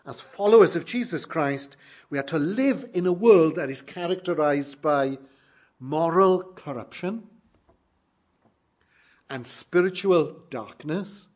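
A man preaching a sermon to his congregation, measured and emphatic, slowing down to stress key phrases. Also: a little high.

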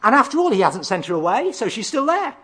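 Husky preacher going verse by verse, lots of rhetorical questions, the odd uh. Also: medium pitch, very animated, quick pace, fairly bright tone. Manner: expository, asks rhetorical questions, reads out verses; occasional hesitant fillers and restarts. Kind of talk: sermon.

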